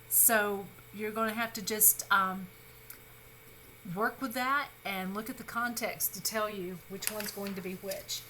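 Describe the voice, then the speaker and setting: A woman's voice: mid-range voice, bright, forceful tone, slight background noise, rough recording. A woman instructor giving a recorded grammar lecture, patient and reassuring, with frequent fillers and small self-corrections.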